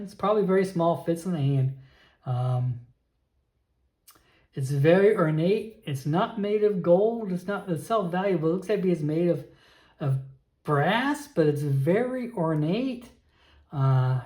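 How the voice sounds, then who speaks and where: A man narrating a solo tabletop game, thinking aloud with frequent pauses and restarts. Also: high voice, expressive, darkish tone, reverberant.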